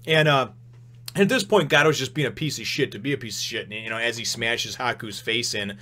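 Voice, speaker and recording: A man of ordinary middle pitch talks through a manga chapter as the host of a review channel. His delivery is excitable and rambling, full of filler tags like "you know" and "right?". He slips into a raised voice to act out the characters' lines. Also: brisk.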